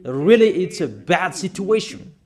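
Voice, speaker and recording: A man preaching a sermon, insistent and repeating phrases slowly for emphasis. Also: high-pitched, big pitch swings, darkish tone.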